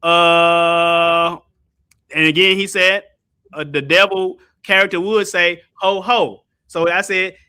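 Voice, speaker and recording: A man's voice: high voice, steady tone, slow pace, sharp tone, smooth. A man hosting a casual online ministry stream. He talks animatedly and reads answers aloud to his chat. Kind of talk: casual teaching livestream.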